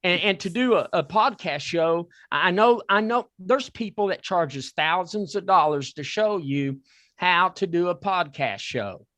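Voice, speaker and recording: A man with a Southern accent hosting a talk podcast, excitable and repeating himself as he pitches a sponsor. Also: a little slow, no echo. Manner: excitable, repeats words and restarts. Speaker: podcast host. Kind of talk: casual chat with a sponsor plug.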